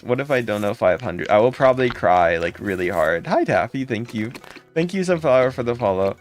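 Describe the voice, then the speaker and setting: A man hosting a casual live stream, thanking and greeting viewers by name in quick upbeat bursts. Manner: upbeat, jumps into high excited calls when thanking donors. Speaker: livestream host.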